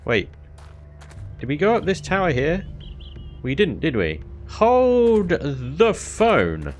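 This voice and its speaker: A man's voice: on the high side, sing-song, unhurried, soft background music. A man giving casual let's-play commentary, chatting along, exclaiming at finds and taunting enemies. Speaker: gaming YouTuber.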